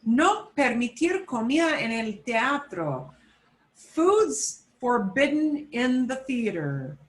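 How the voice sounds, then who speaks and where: A woman's voice: on the high side, big pitch swings, slow pace. A woman teaching a beginner Spanish lesson, explaining patiently step by step and mixing Spanish phrases into her English.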